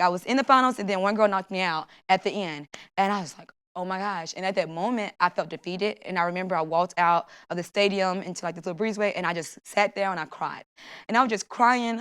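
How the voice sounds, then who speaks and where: A woman's voice: medium pitch, fast talker, clean tone. A young woman, an Olympic athlete, telling her story in a casual interview and acting out her own thoughts and the things people said to her. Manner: lively, acts out her own inner voice and quotes. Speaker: Olympic long jumper guest.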